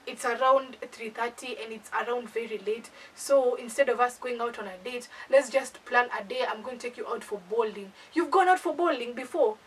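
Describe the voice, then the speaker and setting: A woman's voice: a little high, fairly even intonation, moderate pace, hardly any pauses, distant mic, a little hiss or hum, close to an everyday voice, poor audio. A woman voicing a lazy young man who puts on a fake British accent, speaking in an offhand mumble.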